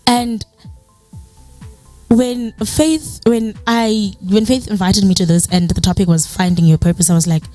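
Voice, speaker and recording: A woman's voice: medium pitch, unhurried, soft background music. Chatty South African woman telling her story. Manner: chatty storytelling with many "you know" fillers; acts out quoted dialogue in a lively way. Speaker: guest speaker. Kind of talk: motivational personal talk.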